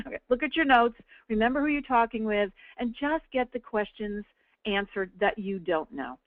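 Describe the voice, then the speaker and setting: Chatty upbeat woman coaching a webinar, kinda high, dry close phone-ish audio. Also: expressive, normal speed, no room sound, phone-quality sound. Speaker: team leader presenting a business tool. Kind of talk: casual webinar walkthrough.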